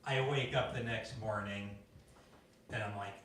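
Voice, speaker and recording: A man doing stand-up at an open mic, telling stories in an animated way and jumping into high voices for the people he quotes. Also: a little slow, a little hiss or hum. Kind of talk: stand-up storytelling. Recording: echoey room, from a distance.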